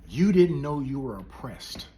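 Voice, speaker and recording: A man's voice: medium pitch, sing-song, unhurried, mellow. A man putting on the voice of his stern middle-aged father, who scolds and then counsels his teenage son in a grave, pressing way.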